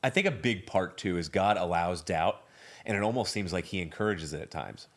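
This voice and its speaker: A man with a fairly low voice talks thoughtfully on a podcast. He retells passages and stories to make his point, at a measured pace. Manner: reflective, storytelling, quotes passages in measured voice. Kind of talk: casual podcast discussion.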